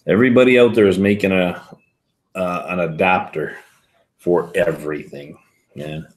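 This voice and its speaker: A man's voice: low voice, steady tone, moderate pace. A man hosting a whisky livestream, rambling casually and answering viewer comments as he reads them. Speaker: whisky show host.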